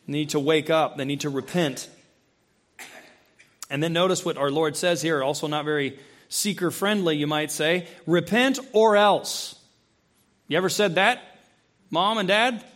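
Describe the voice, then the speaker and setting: A man preaching a sermon to his congregation, asking them questions and acting out voices, swinging between loud, high emphasis and low, quiet intensity. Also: normal speed, pauses often. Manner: acts out quoted voices and asks the congregation questions. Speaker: pastor. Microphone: handheld or stand mic, close.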